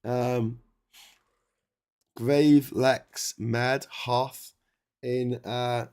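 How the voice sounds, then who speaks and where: A man hosting a long solo livestream, reading out viewer messages in an excitable, chatty way, laughing often and restarting his sentences, and tired from the long stream. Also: medium pitch, extremely slow, clear, resonant tone. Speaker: livestream host.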